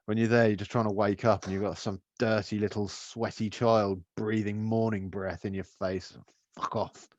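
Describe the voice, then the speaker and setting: A laid-back man co-hosting a casual podcast, swearing easily and laughing often. His voice sits fairly low. It comes through a dull, slightly muffled mic in a dry space. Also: flat delivery, moderate pace, no echo. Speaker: podcast co-host. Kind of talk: casual chat.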